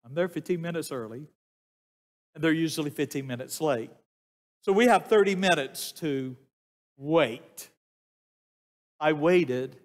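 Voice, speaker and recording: An older man preaching a sermon, slow and emphatic, putting questions to the congregation. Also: medium pitch. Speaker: pastor. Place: church sanctuary. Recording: long church reverb, voice sometimes off mic.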